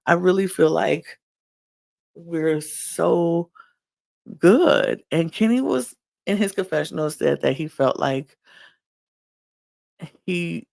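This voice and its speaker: Man with heavy vocal fry. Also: on the high side, a little mellow. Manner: chatty retelling full of quoted dialogue. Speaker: podcast host. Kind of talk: casual reality-show recap.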